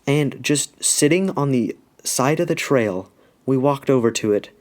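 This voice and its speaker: A man's voice: mid-range voice, lively intonation, a little slow, a little mellow. A man from Alaska telling a childhood story in a casual, rambling, slangy way, full of "like". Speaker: YouTuber telling a life story.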